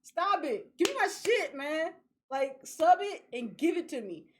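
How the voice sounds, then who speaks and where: High-pitched ranting woman podcaster. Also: unhurried. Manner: animated, ranting, laughs often, profane. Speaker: podcast co-host. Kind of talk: casual podcast chat.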